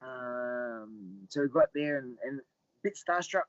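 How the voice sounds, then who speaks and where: A middle-aged man telling stories as a podcast guest, often repeating words and getting animated when he quotes other people. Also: mid-range voice, slow pace, no room sound, highs cut off. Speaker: guest, Muay Thai fighter. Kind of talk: casual storytelling interview.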